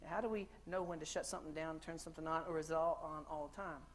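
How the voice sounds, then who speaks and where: A man's voice: on the high side, quick pace. Joking man giving a keynote talk. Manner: lively, joking storyteller who asks the crowd questions. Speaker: keynote speaker. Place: conference hall stage.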